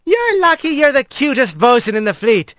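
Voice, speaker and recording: In a storybook reading, a man puts on a full character voice, pitched far above his own, for a big, strong female otter hauler who teases her crewmates. The delivery is extremely high, very animated, and teasing, at a moderate pace with a fairly bright tone, in clean studio sound with no room echo.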